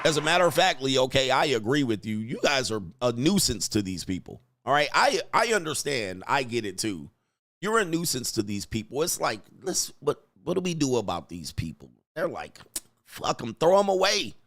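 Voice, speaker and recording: Guy ranting on a livestream, swears nonstop, pitch jumps all over, dry close sound. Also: normal speed, dry recording, a faint crowd. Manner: animated, mocking, swears constantly; reads chat messages aloud. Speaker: livestream host. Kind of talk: profane ranting commentary.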